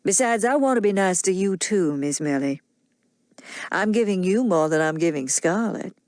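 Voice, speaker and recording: A woman voicing a smooth, crafty grown man who coaxes and persuades without hurrying. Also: lowish voice, lively intonation, moderate pace, a little mellow, dry recording, close to an everyday voice. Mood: persuasive.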